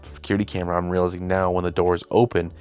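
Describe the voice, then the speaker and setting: Low-voiced young man rambling casually. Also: little pitch movement, quick pace, darkish tone, clean tone, soft background music. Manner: rambling, self-deprecating, acts out quotes. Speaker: video host and filmmaker. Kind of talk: casual storytelling to camera.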